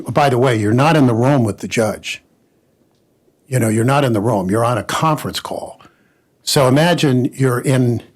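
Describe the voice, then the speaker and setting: A man, a patent lawyer on a conference panel, telling an animated story and quoting others in character. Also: medium pitch. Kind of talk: anecdotal panel talk.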